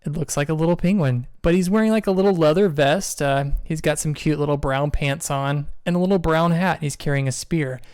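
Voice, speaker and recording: A man running a tabletop game as game master, describing scenes in a relaxed way with fillers. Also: on the high side, brisk, few pauses, clean tone, no room sound, clean studio sound.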